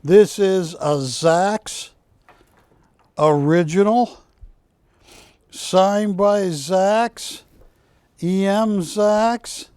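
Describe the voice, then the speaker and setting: A man's voice: sits high, drawn-out words, long pauses, darkish tone, clear, resonant tone, no room sound. A man hosting a live shopping channel broadcast, selling art with chatty, jokey banter from a studio. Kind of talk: live TV sales pitch.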